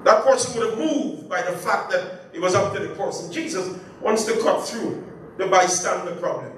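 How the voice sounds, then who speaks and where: A pastor leading a Bible study, lively and joking, asking the congregation to finish his phrases. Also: high-pitched, moderate pace. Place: church. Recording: echoey church room, far from mic, faint hiss.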